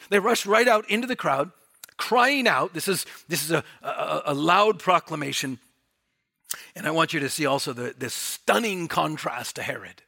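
Guy preaching, high bright voice, gets real animated and loud on the big points. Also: vocal fry. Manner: animated, rising to near-shouts on emphasis. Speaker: pastor. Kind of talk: sermon.

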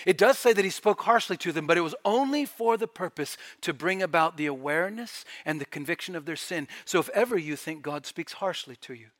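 A man preaching a sermon with fervent delivery, swelling loud and dropping to near-quiet. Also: fairly high pitch, animated, brisk, hardly any pauses. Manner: fervent, rising and falling in volume.

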